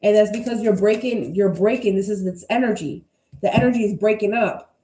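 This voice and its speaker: A woman's voice: medium pitch, brisk, mellow. A woman giving a casual tarot energy reading to her viewers, blunt and emphatic, with plenty of swearing. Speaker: tarot reader. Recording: roomy echo.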